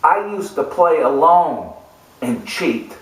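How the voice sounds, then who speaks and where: A man's voice: on the high side, big pitch swings, takes it slowly, reverberant, recorded from a distance, poor audio. A man telling a humorous golf story, a storyteller who often repeats "and, and" as he goes. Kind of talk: humorous anecdotal talk.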